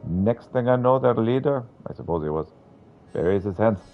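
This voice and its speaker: A man reading a gruff shaken tradesman. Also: lowish voice, animated, moderate pace, lo-fi sound, soft background music. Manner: blunt, swears. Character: shaken male tradesman witness, blunt and gruff.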